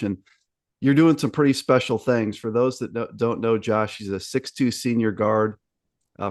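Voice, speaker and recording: A man's voice: fairly low pitch, a little mellow, no room sound, clean studio sound. Chatty man hosting a sports podcast. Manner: upbeat, chatty, many fillers. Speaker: podcast host. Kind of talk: casual interview chat.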